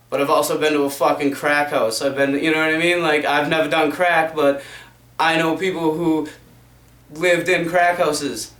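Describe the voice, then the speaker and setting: A young man with a somewhat high voice rants with fervent, preachy conviction, swearing freely as he talks. He sounds set back from the mic, with the sound ringing around a roomy space. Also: fairly bright tone, recorded from a distance. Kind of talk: impassioned rant to camera.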